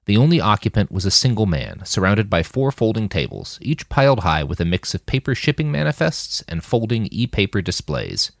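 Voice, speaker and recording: A man narrating an audiobook chapter in a scripted, expressive reading on a close mic. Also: fairly low pitch, a little fast, vocal fry, hardly any pauses, no room sound. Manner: expressive, wide-ranging reading.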